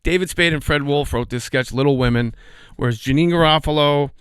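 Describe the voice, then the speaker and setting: A man guesting on a podcast, telling comic stories in an animated, profane way, acting out quotes with sudden shouts. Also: fairly high pitch, a little fast, clear, resonant tone, dry recording, studio quality. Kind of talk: comic storytelling in a podcast interview.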